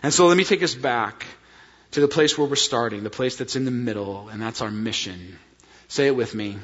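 A man's voice: mid-range voice, normal speed, husky. A man preaching a sermon as pastor, earnest and storytelling, calling his congregation friends. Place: church sanctuary. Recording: dull sound in a reverberant church hall.

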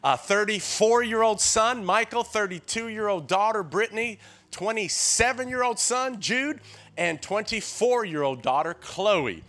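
Man in his 60s, tennessee accent, guest preacher, sermon, high-ish voice, rousing call-and-response. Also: a little slow. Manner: lively call-and-response, keeps urging the crowd on; folksy storytelling with frequent restarts.

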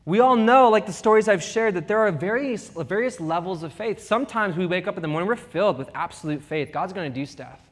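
A young man preaching a sermon as pastor, with animated, humorous storytelling. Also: sits high, a little fast, hardly any pauses. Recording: long reverb of a big hall.

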